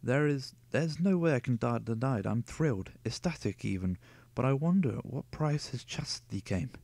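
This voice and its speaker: A man's voice: mid-range voice, expressive, moderate pace, gravelly, darkish tone, no echo. Sarcastic man reading a novel aloud. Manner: sarcastic, cuts in with profane asides. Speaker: reader of a novel.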